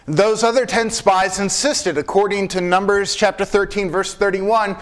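A man preaching a sermon in a measured way, slowing for emphasis and calling his listeners beloved. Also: high voice, fairly even intonation. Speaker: pastor.

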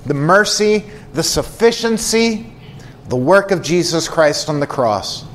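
A man delivers an earnest sermon as pastor, stacking repeated phrases and rhetorical questions for emphasis. His voice sits a little higher than most men's. A faint hiss of background noise sits under the recording.

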